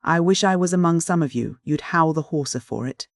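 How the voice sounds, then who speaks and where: A man reading an audiobook voices a ferocious robber who growls slow, menacing curses. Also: a little high, vocal fry, no echo, clean studio sound, heavily acted.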